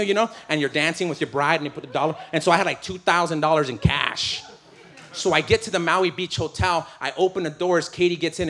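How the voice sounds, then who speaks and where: A man preaching as a guest speaker at a live church gathering, his voice sitting a little high. He tells a personal story with animated energy, laughing and acting out what people said. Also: breathy edge. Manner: animated, laughing, acts out quotes. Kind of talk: storytelling sermon.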